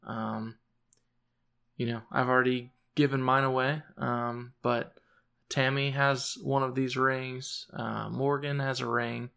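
Guy at a tabletop game, gravelly and flat, lots of ums. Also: mid-range voice, slow pace. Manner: hesitant, many fillers. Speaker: player. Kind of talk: casual chat.

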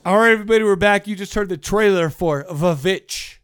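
Jokey podcast host, bright dry voice. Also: male voice, sits high, a little fast, smooth, no echo. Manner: jokey, rambling, mock-censoring himself. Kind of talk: casual comedic chat.

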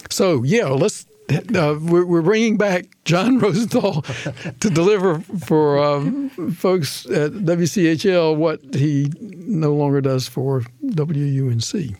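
A man's voice: fairly high pitch, slow, hardly any pauses, darkish tone, no room sound. A man hosting a radio interview show, speaking hesitantly with frequent restarts. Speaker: radio talk show host. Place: radio studio.

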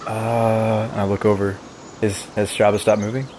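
A man's voice: lowish voice, little pitch movement, moderate pace, darkish tone, a little hiss or hum. Chatty male tabletop player. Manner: chatty, loose planning talk. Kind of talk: casual tabletop play.

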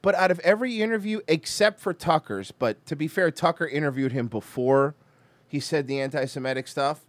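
A man's voice: fairly high pitch, a little fast, no room sound. A man hosting a podcast, ranting profanely in casual chat while reacting to clips. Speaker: podcast host.

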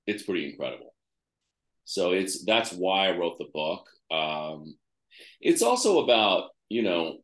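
A man's voice: sits low, a bit bright, roomy sound. A man being interviewed as a guest author, talking conversationally and listing examples with fillers.

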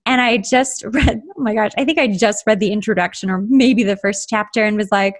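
A woman guest, a writer and life coach, talking in a casual interview with lively storytelling and a slightly rough voice today. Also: medium pitch, normal speed. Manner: animated storytelling with quoted inner voices.

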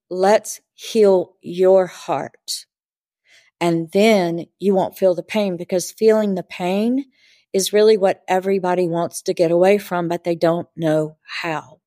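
A woman's voice: on the low side, mellow, no echo, clean studio sound. A woman who works as a spiritual teacher, telling stories in an interview and acting out the dialogue earnestly. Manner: earnest, vivid storyteller who acts out dialogue. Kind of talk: interview storytelling.

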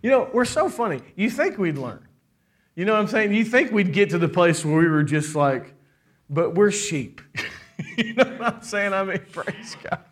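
Bright high-voiced preaching man. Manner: preaching with call-and-response and laughter. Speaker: pastor. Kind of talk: sermon.

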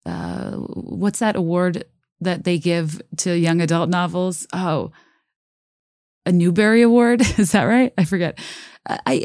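A woman's voice: fairly low pitch, creaky, darkish tone, no echo, clean studio sound. A woman hosting a solo podcast, talking casually in a chatty, self-mocking way with lots of fillers and restarts. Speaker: podcast host.

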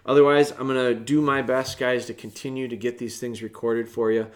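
A man hosting a casual podcast from home, talking earnestly and rambling with restarts, often dropping to a soft, quiet voice. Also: medium pitch, level tone, brisk. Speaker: podcast host, dog trainer. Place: home, with dogs in the room.

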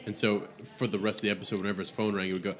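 A man co-hosting a comedy podcast, joking loudly and crudely. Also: fairly low pitch, racing. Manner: loud, animated, crude teasing. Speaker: podcast co-host. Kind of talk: casual comedic podcast banter.

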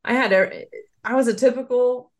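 A woman's voice: fairly high pitch, normal speed. A woman guest on an interview podcast, earnestly recounting a personal story with many fillers. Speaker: interview guest, former quality control worker. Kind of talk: casual interview testimony.

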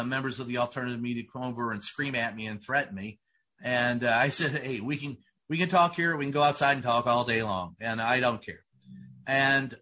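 A middle-aged man, a reporter, telling a long story casually, halting often with fillers and restarts. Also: medium pitch, bright, forceful tone. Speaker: White House correspondent.

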